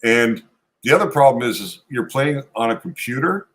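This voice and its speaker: A man in casual podcast conversation with a middle-pitched voice. He talks at an even pace and builds his points step by step. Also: moderate pace. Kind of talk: casual chat.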